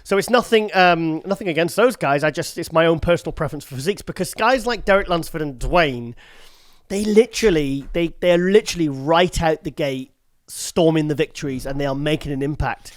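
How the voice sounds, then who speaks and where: A man's voice: on the high side, fairly quick, no room sound, clean studio sound. A man, hosting a podcast and talking in a casual, rambling way with many restarts and fillers. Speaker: podcast host. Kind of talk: casual chat.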